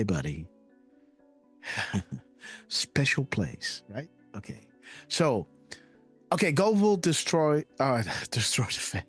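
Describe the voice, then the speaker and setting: Excitable man with a lively, bouncing voice. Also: on the high side. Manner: excitable, repeats "guys" and "right?", laughs often. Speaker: livestream host. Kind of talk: casual live commentary.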